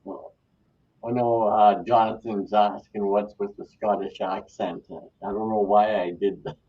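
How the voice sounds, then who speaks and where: A man co-hosting a casual live-stream chat, easygoing and quick to laugh at himself. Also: on the low side, little pitch movement. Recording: dull lo-fi audio, off-mic.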